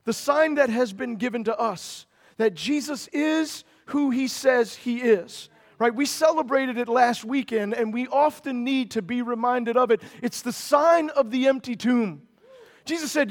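A man with a strikingly high voice preaches a sermon. He talks to his congregation in an earnest, conversational way that swells into emphatic declarations. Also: measured pace. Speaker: pastor.

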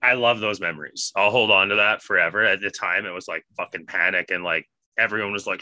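A man casually telling a profane, animated party story with bursts of laughter. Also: low-pitched, fast talker, no echo.

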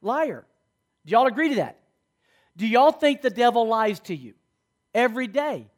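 A man with a strikingly high voice delivers a sermon to students. He keeps checking in with his listeners through call-and-response questions as he preaches. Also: very animated, normal speed. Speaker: speaker at a school.

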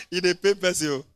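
A man preaching a sermon in a Nigerian English accent, laughing often and breaking into shouts. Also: high voice, clean tone.

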